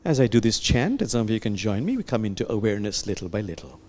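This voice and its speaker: A man leading a slow, soft, prayerful guided heart meditation during a worship service, pausing often. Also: lowish voice, sing-song. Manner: slow, soft, prayerful guidance with long pauses.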